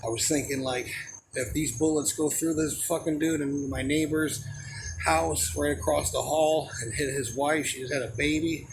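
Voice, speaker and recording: A young man casually telling a personal story in a rambling, profane, animated way, with a noisy background. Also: a little high, moderate pace, vocal fry. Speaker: storyteller recounting a personal experience.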